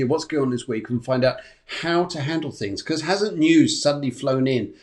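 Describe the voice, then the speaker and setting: A man's voice: mid-range voice, animated, a little fast, darkish tone. A middle-aged man hosting a live show as a medium, chatting loosely with viewers, reading out their comments and greeting them, with many fillers and repeats. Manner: chatty, rambling, full of fillers and repeated phrases. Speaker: host and medium. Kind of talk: casual live-stream chat. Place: home studio in Spain.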